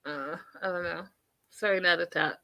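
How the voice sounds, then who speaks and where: A woman's voice: on the low side, normal speed. Opinionated woman recapping reality TV. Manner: animated, opinionated storytelling with quoted asides; addresses viewers directly as y'all and you guys. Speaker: host. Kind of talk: recap and review live stream.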